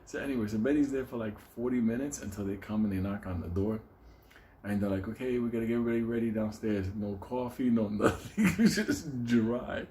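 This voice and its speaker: A man's voice: lowish voice, expressive, normal speed, dark tone, a little hiss or hum. A man telling a casual neighborhood story with heavy profanity, rambling asides and frequent laughter. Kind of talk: casual anecdote.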